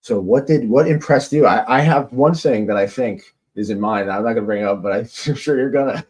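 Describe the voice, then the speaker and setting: A man's voice: mid-range voice, brisk, a little mellow, husky. A man co-hosting a casual talk show, easygoing and chatty. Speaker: co-host.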